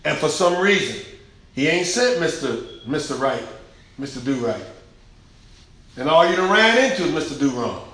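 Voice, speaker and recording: Male pastor, sermon, emphatic, colloquial, repetitive, slightly high voice, very echoey church. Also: sing-song, normal speed, pauses often, fairly bright tone. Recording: very echoey hall, faint noise.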